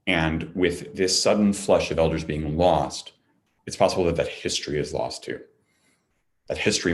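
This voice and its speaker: A man speaking to an audience in a heartfelt, earnest appeal for a charity, climbing louder and higher as he presses his point. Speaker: performer making a charity appeal.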